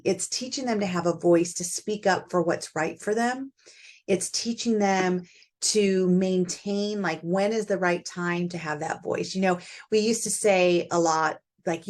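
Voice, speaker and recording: A woman's voice: fairly low pitch, a little slow. A middle-aged woman hosting her own show, talking through her thoughts on parenting in a conversational way, with frequent fillers. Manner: warm conversational, thinking aloud with fillers. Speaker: podcast host. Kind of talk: reflective solo talk on parenting.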